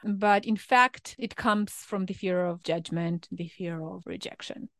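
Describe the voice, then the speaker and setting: A woman public speaking coach giving advice in an interview, lively and demonstrative. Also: unhurried, no room sound. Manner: animated, demonstrates pitch changes. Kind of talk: interview guest explaining.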